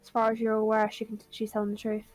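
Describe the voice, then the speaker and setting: A woman narrating as game master of an online tabletop game, giving brisk, matter-of-fact rulings. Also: a little high, completely flat delivery, a little mellow, dry recording, faint music behind, poor audio.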